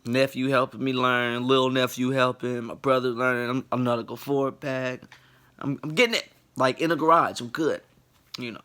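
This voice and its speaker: A man in his late twenties telling a funny personal story in a casual, animated way, laughing and acting out the people in it. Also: medium pitch, normal speed, clean tone. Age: late 20s.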